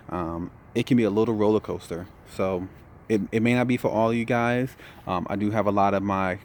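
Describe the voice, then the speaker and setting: A man's voice: fairly low pitch, a little hiss or hum. Tired young man telling a trucking story. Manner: relaxed storytelling, says "man" a lot. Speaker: trucking vlogger. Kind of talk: casual vlog update.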